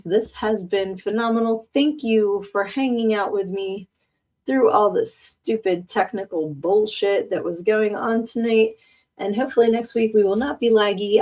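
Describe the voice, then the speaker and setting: A woman's voice: mid-range voice, a little mellow. Chatty woman hosting a podcast. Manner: chatty and joking, laughs often. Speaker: podcast host. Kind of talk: casual live-stream chat.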